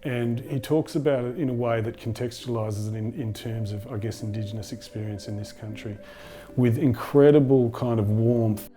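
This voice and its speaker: A man's voice: medium pitch, steady tone, moderate pace. A man from Australia, a former teacher, speaking reflectively in a documentary interview. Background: soft guitar music.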